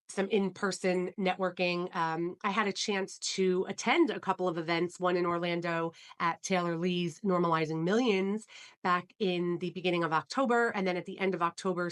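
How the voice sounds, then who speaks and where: A woman's voice: lowish voice, a bit bright. A woman hosting a solo podcast, telling her story in an earnest, enthusiastic way with frequent fillers like "um" and "you know.". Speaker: podcast host.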